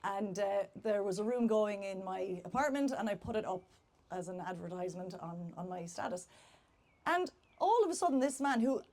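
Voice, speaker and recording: A woman's voice: mid-range voice, lively intonation, moderate pace, a little mellow. A young Irish woman with an Irish accent, telling a comic dating story live on stage in a chatty, self-deprecating way. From Ireland.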